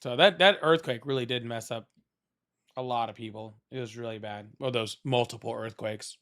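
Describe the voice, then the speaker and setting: A man's voice: medium pitch, a bit bright. A man hosting a live political call-in stream, chatting casually and pressing callers hard. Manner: argumentative, quick to press callers.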